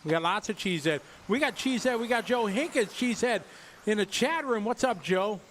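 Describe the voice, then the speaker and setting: Chatty upbeat guy from wisconsin calling an rc race, kinda high voice, faint hum behind. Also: expressive, brisk, a bit bright. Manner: chatty, upbeat, jokes with chat and co-host. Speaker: race commentator. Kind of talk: live race commentary.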